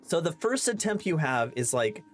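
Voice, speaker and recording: A man's voice: on the high side, very animated, moderate pace, faint music behind. A man running a tabletop game as game master, narrating loosely with lots of fillers and restarts.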